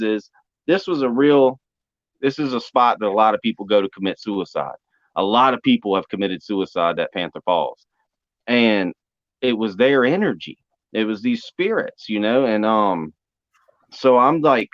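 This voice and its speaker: Young male testimony storyteller, animated, mid-range voice; dry, muffled lo-fi recording. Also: medium pitch, moderate pace, no room sound. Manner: animated, acts out quotes. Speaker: speaker giving testimony. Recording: dry, dull lo-fi audio.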